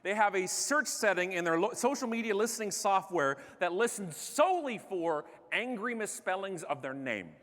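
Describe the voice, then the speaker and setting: A bright, high-pitched Canadian man giving a keynote, his voice swooping up and down as he acts out the scenes of his story. The sound carries a long reverb from a large conference hall. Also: normal speed, few pauses. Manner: animated, acts out characters, self-mocking. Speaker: keynote speaker.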